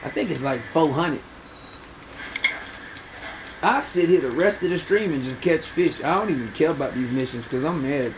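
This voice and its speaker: A man's voice: a little high, expressive, normal speed, pauses often, background noise. A young man streaming a fishing game, bragging and swearing in loose slang as he talks to his chat. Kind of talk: live gameplay commentary.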